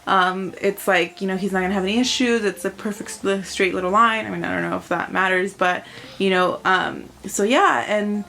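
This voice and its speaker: A woman's voice: mid-range voice, steady tone, moderate pace, creaky, fairly bright tone. Chatty young mom vlogger, woman. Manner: chatty, emotional retelling with many fillers. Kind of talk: casual vlog monologue.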